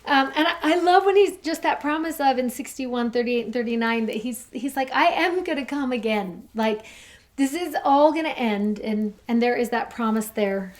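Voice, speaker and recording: A woman co-hosting a scripture study podcast, chatting enthusiastically and slowing down to read verses aloud. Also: a little high, expressive. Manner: enthusiastic, reads verses slowly and warmly. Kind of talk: casual scripture discussion.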